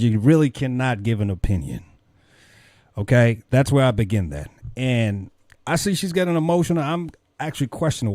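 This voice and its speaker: Mellow-voiced man giving preachy commentary. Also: medium pitch, dry recording, studio quality. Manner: questioning, preachy. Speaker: commentary channel host. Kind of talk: religious commentary.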